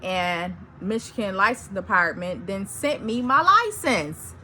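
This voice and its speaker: A woman vlogging at home in casual chat, telling an excited story and acting out her own quoted dialogue. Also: medium pitch, normal speed, few pauses, slight background noise.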